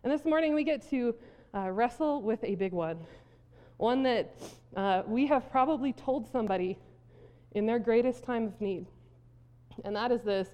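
A woman's voice: fairly high pitch, animated, moderate pace, long pauses, highs cut off. A woman pastor from South Dakota preaching a sermon, telling a story animatedly with frequent laughter. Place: church hall. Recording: long reverb of a hall.

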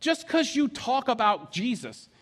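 A man with a high, lively voice preaching a sermon. He explains scripture in an animated teaching manner and drops folksy asides with little chuckles. His pitch swings widely as he talks. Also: a little slow. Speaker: pastor.

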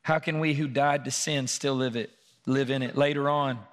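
A man preaching a sermon in a church room, earnest, his voice lifting and growing louder when he reads scripture and dropping quiet during personal stories. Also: mid-range voice, fairly even intonation, normal speed. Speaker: pastor.

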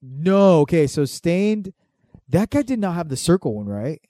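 A man in his thirties rambles through loose, profane stories packed with fillers. His voice is mellow and dark, recorded close and dry with no room sound. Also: fairly high pitch, big pitch swings, measured pace, dry recording. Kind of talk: casual chat.

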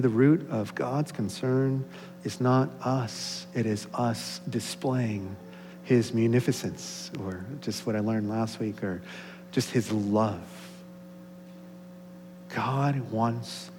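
A man preaching a sermon to a congregation, swinging from excited, loud passages to soft, slow, hushed ones. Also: on the low side. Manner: rises to excited loud peaks, then drops soft and slow. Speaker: pastor. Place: church sanctuary. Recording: long hall reverb, faint hum.

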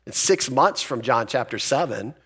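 A man's voice: medium pitch, animated, normal speed, a bit bright, slightly rough. A male pastor giving a sermon in a conversational, emphatic way.

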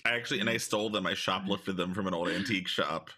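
A man's voice: low-pitched, fast, pushed and bright. A man co-hosting a casual chat, playful and jokey, building absurd story twists. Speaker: podcast co-host.

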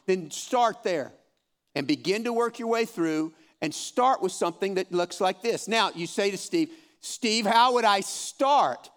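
A man in his fifties with a high voice leads a Bible study before a live audience in a room. He's encouraging and folksy, and he repeats himself often.

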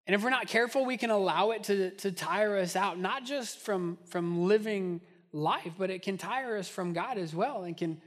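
A man's voice: high-pitched, normal speed, few pauses. A man preaching a sermon as pastor, impassioned and repetitive, building in intensity as he goes.

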